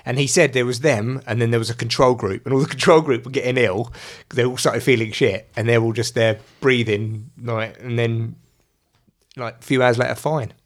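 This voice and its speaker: A male podcast host in casual chat, rambling through a story with lots of ums and easy swearing. His voice sits mid-pitch and unforced. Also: fairly even intonation, moderate pace.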